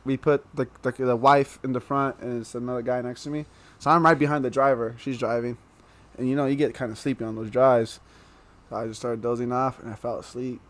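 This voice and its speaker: A young man, guesting on a podcast, spins a story with casual energy and laughs through the funny moments. His voice is medium-pitched and brisk, with no echo.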